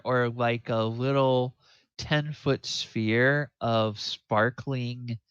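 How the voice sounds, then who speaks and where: A man hosting and narrating a tabletop game as dungeon master, describing scenes in a rambling, halting way. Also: mid-range voice, a bit bright, clear, resonant tone, no echo, dull audio.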